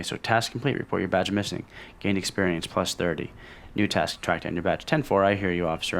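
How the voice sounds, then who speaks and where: A man's voice: deep voice, creaky, fairly bright tone, a little hiss or hum. A man casually commenting on a video game as he plays, reading its dialogue aloud between offhand remarks. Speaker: let's play host.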